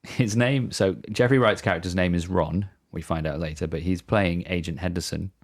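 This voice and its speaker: A man's voice: low voice, moderate pace, vocal fry. A man co-hosting a podcast in casual chat, retelling film scenes in a reflective, hesitant way. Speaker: podcast co-host.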